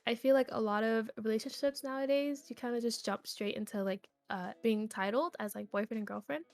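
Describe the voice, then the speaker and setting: Speaking briskly in a voice on the high side, a young streamer guesting on a podcast rambles through her own story with lots of "like." The animated, casual retelling is backed by soft music.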